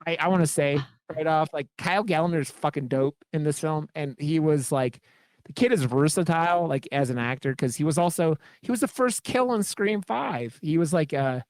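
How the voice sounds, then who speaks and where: A man talks horror movies on a podcast in a loose, rambling way, swearing freely. His voice sits a little high. The recording is dry and close. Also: moderate pace, dry recording. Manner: rambling, profane, enthusiastic. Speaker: podcast co-host. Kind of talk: casual podcast chat.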